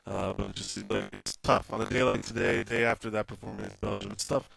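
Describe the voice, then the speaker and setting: A man co-hosting a sports radio show, speaking in a relaxed, plain way. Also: lowish voice, fast talker, vocal fry, faint music behind. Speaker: co-host. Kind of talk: casual radio chat.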